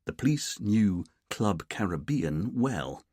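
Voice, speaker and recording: A male audiobook narrator with a low, husky voice. He tells the story in a measured, wry way with plenty of pitch movement. The recording is dry and close. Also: very animated, mellow, dry recording. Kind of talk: scripted narration.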